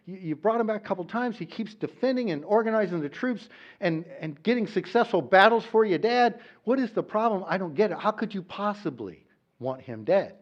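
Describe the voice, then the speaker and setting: A man's voice: sits high, animated, brisk, lo-fi sound, voice pushed up. A man voicing a young prince who earnestly and incredulously pleads for his friend, in a sermon retelling. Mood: pleading.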